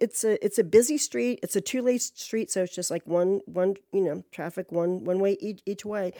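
A woman's voice: mid-range voice, mellow, no room sound. A woman telling a rambling story in a chatty, profane way, full of asides and fillers. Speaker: podcast storyteller. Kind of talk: casual storytelling monologue.

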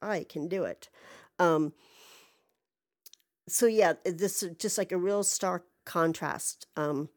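A woman's voice: deep voice, darkish tone, clear, resonant tone. A woman hosting a podcast, talking through a rambling, candid, self-deprecating personal monologue with a jaded-sounding voice and some swearing. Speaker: podcast host.

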